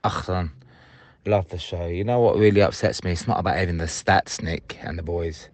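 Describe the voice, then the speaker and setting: A man's voice: deep voice, steady tone, normal speed, no room sound. A man leaving angry, sweary voicemails about a football match, recorded on a phone from a stadium seat and from his car. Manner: angry, sweary, blunt rant.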